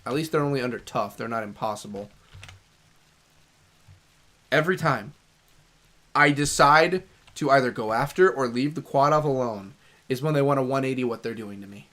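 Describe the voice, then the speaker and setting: A young man streaming a video game, chatting casually and rambling between sudden excited outbursts. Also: mid-range voice, normal speed, pauses often. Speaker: gaming streamer. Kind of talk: casual let's-play commentary.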